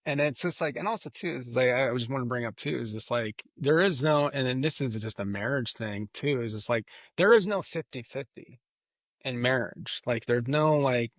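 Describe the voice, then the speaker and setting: A man's voice: mid-range voice, lively intonation, moderate pace, no echo, lo-fi sound. A man chatting as a podcast guest, rambling and leaning on repeated filler phrases. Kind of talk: casual chat.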